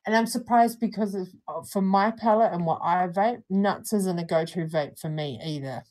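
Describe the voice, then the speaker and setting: A woman's voice: on the low side, normal speed, a little mellow, poor audio. A young woman with a New Zealand accent, co-hosting a casual live-stream review in a chatty, easygoing way. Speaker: co-host reviewing vape juice.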